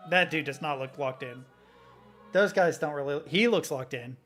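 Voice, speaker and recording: A man's voice: a little high, moderate pace, fairly bright tone, faint music behind. Profane, chatty streamer man. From Kentucky. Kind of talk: casual reaction commentary.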